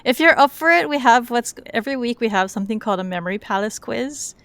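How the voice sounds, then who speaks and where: A woman's voice: a little high, animated, fast talker, fairly bright tone, dry recording. A woman co-hosting a podcast interview, upbeat and chatty, often laughing. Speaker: podcast co-host.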